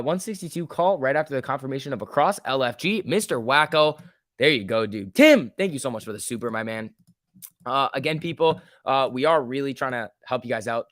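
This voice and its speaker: Young man, livestream host, joking chat reader, dry close sound, mid pitch. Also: no room sound. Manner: joking, reads chat aloud, shifts loud and soft. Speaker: stock trading livestream host.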